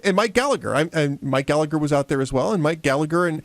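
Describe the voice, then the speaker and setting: A male talk show host with a slightly higher than usual voice that swings widely in pitch. He talks in an enthusiastic, chatty way, often restarting his sentences. The sound is dry and close. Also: animated, fast, no echo. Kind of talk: casual radio-style chat.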